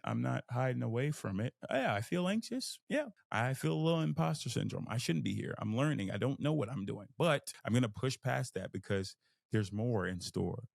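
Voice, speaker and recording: A man hosting a podcast, giving a casual motivational monologue in an animated way, jumping into a high excited voice and laughing at himself. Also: creaky, no echo, studio quality. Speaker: podcast host.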